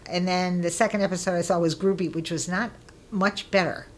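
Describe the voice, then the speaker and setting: A middle-aged woman being interviewed, telling stories in a casual, lively way and acting out what people said with bursts of laughter. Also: lowish voice, fairly quick, a little hiss or hum. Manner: lively, acts out quoted voices with laughter. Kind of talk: casual storytelling.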